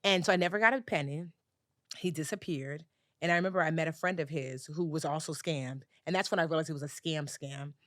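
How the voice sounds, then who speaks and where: Woman telling a story on a podcast, kinda low voice, jumps way up when she acts out what people said, dry sound. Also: fairly quick, dry recording. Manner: animated storyteller, acts out dialogue with big pitch jumps. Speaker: personal finance educator, podcast guest. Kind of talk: storytelling in a conversational interview.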